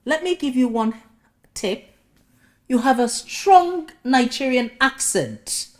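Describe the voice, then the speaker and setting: A man's voice: extremely high pitch, expressive, slow, pitched above the performer's own voice, exaggerated voice. A woman voicing a condescending male law-firm owner who talks down to a job applicant in a patronizing, dismissive way. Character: condescending Welsh law-firm owner, middle-aged man.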